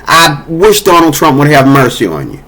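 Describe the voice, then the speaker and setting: A man's voice: on the high side, wildly swooping pitch, normal speed, fairly bright tone. A man delivering a heated, profane political monologue, scolding and cursing as he talks. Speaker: political commentator. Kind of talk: angry monologue.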